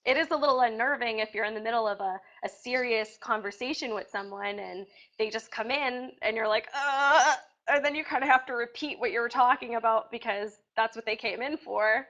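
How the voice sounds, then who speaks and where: A woman's voice: on the high side, brisk, hardly any pauses. Chatty woman telling a story, lo-fi. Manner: chatty and animated, with laughs and acted-out quotes. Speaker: reality TV contestant being interviewed. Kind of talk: casual interview answers. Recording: dull lo-fi sound.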